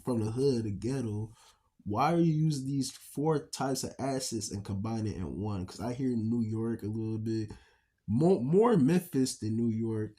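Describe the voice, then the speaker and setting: A man's voice: medium pitch, unhurried, dark tone. A man co-hosting a reaction video, talking bluntly and profanely in a rambling, casual way with many restarts.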